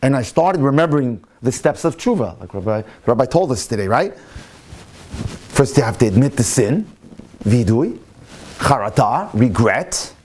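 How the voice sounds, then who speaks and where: A man, a rabbi, telling a story in a sermon, animated and swinging into excited quoted voices. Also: medium pitch. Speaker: rabbi lecturer.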